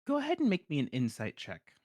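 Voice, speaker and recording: Rambling, lively game master. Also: mid-range voice, quick pace. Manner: rambling, filler-heavy narration. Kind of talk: narrating a tabletop game.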